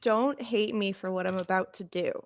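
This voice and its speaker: A woman's voice: medium pitch, normal speed. A woman playing a tabletop game, blunt and offhand, swearing casually as she describes her moves. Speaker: player. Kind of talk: tabletop role-play chat.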